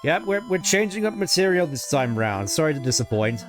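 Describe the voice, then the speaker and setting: A man's voice: fairly high pitch, sing-song, a little fast, few pauses, soft background music. A man streaming a video game, giving casual commentary and laughing at his own jokes between lines of dialogue.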